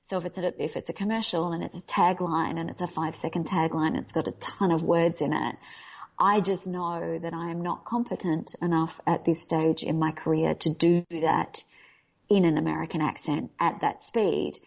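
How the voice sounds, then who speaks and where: Australian actress, husky and gravelly, candid and animated, recorded on dull lo-fi audio. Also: female voice, sits low. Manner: candid, animated, quick to laugh. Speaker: voice actor guest. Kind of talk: casual interview talk.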